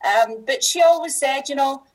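A middle-aged Scottish teacher with a Scottish accent chats casually as a podcast guest, her voice sitting high at a moderate pace. She restarts often and laughs a lot, and the recording is rough.

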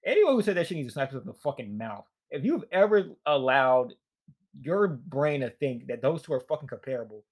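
A man's voice: mid-range voice, sing-song, a little fast. A young man rambling in a tired, frustrated, profane rant, worn out and fatigued. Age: young adult. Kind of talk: casual rant.

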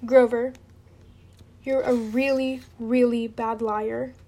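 A woman's voice: on the high side, flat delivery, takes it slowly, dark tone. A woman reading a storybook aloud and voicing a blunt, suspicious teenage boy. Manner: blunt, slightly sarcastic.

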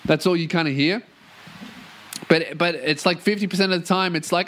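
A young man hosting a casual podcast, ranting in a sweary, animated way and breaking into loud put-on voices for quotes. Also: on the high side, moderate pace. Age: young adult. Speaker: podcast host. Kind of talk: casual rant monologue.

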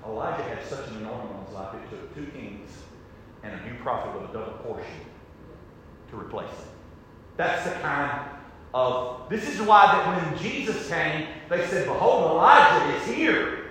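A man preaching a sermon with emphasis, swinging from shouts to very quiet passages. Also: expressive, measured pace, recorded from a distance, slight background noise. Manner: emphatic, rising to shouts then dropping very low. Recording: echoey hall with long reverb.

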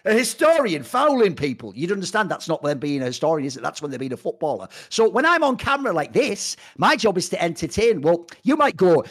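A man's voice: a little high, sing-song, quick pace, few pauses, a bit bright. A man co-hosting an esports talk show, ranting in a combative, profane way and calling his co-host "mate". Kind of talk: opinionated casual discussion.

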